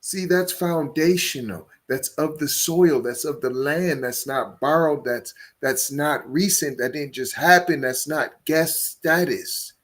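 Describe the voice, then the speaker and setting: Slow, emphatic podcast host, a man. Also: a little high, fairly bright tone. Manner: emphatic, repeats words, stacks rhetorical questions. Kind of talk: solo podcast commentary.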